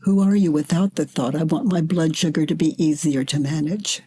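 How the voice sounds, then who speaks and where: Older woman, slow and coaxing, low mellow voice, a bit husky. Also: fairly even intonation. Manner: gentle, slow, coaxing with endearments. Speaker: facilitator. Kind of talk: guided self-inquiry dialogue.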